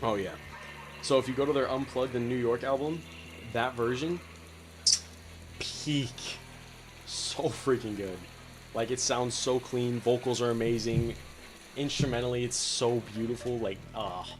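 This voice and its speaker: A man's voice: mid-range voice, fairly even intonation, unhurried, long pauses, a little hiss or hum. Laid-back slangy male streamer. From California. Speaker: game streamer. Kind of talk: casual chat while gaming.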